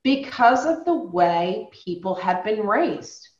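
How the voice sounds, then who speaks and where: A woman's voice: medium pitch, big pitch swings, slow, roomy sound, dull audio. A woman from New York hosting a podcast, telling stories in casual conversation and acting out the people she quotes. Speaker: podcast host.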